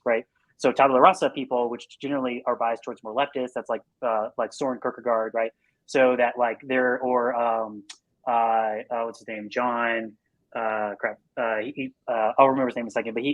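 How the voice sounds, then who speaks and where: A man talking as a podcast guest in casual conversation, earnest and rambling, with lots of "like" and quick run-on bursts. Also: mid-range voice, no room sound, poor audio.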